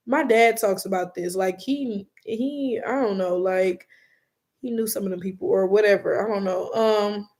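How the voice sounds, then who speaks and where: A young woman chatting casually on a live stream, telling stories and reading comments in an animated, profane way. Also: mid-range voice.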